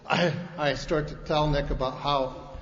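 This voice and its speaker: A middle-aged man from Montana, speaking a touch high, tells his recovery story from a podium in a big hall. He rambles in a folksy way, restarting sentences and slipping into loose colloquial grammar. The old tape is dull and lo-fi, with a long reverb tail and a faint hiss behind him. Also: steady tone, unhurried, fairly bright tone. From Montana, USA. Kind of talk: personal recovery story told to an audience. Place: large convention hall.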